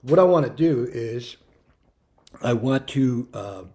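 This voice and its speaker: Slow, mellow-voiced male music teacher. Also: medium pitch, animated. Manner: counts beats loudly, drops to soft prompts; patient, repeats words for young children. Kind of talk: classroom music lesson.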